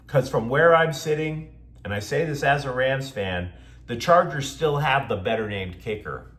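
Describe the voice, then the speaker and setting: Sarcastic sports commentator, lively pitch. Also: male voice, moderate pace, echoey room. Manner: sarcastic, mocking asides. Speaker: sports show host.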